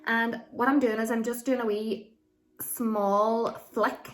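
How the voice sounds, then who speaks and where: A woman's voice: a little high, steady tone, normal speed, soft background music. A woman giving a casual, chatty makeup tutorial, with a loose way of talking and plenty of ums and likes. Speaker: makeup vlogger.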